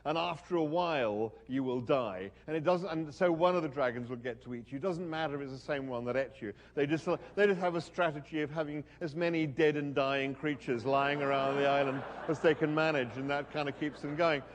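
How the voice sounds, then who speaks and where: A man speaking at a university event, telling a story with dry humour and reading from his own text. He hesitates often and restarts his sentences. His voice sits a little high for a man. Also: fairly quick, few pauses. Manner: wry, hesitant, many ums and restarts. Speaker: guest speaker. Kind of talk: lecture with reading aloud.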